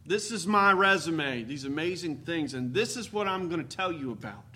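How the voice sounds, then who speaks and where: A man's voice: a little high, expressive, moderate pace, bright, forceful tone. A man preaching a sermon in a folksy, storytelling manner with dramatic emphasis. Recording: faint background noise.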